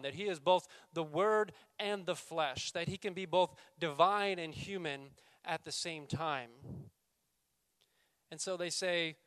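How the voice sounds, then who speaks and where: A male pastor preaching a sermon, raising his voice for scripture quotes and dropping low and quiet for emphasis. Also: no echo. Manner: reads scripture quotes with raised voice, then drops to quiet emphasis.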